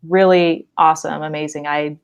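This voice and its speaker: A young woman with a notably low voice talks through her fieldwork on a podcast. Her telling is animated and casual, scattered with "like" and quick laughs. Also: clear, resonant tone. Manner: animated storytelling with frequent likes and laughs. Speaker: wildlife biologist guest.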